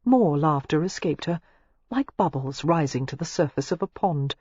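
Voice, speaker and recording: An audiobook narrator reads a novel with lively, rising and falling pitch. The voice has a husky edge. The recording is dull and lo-fi, with a close, dry sound. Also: normal speed, no room sound. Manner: expressive, shifting pitch through the narration.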